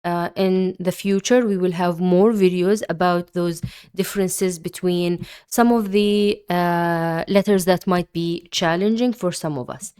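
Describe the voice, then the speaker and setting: Female language teacher, slow and deliberate, low-ish voice, drills each sound patiently. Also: steady tone, a little mellow, smooth. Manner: patient, repeats each sound several times. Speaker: Arabic teacher. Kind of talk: slow, careful pronunciation lesson.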